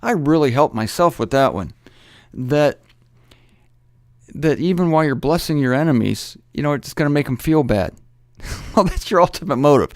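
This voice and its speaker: A man's voice: on the high side, animated, moderate pace, pauses often, dry recording, studio quality. Chatty middle-aged man teaching the Bible. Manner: conversational, self-correcting, joking asides.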